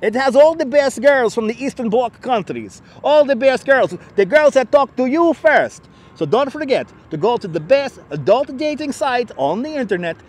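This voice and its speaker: A man's voice: extremely high pitch, sing-song, normal speed, pitched above the performer's own voice, exaggerated voice. A man voicing a sleazy, pushy male spam-ad announcer with an exaggerated Russian accent and a salesy delivery. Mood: salesy, mocking.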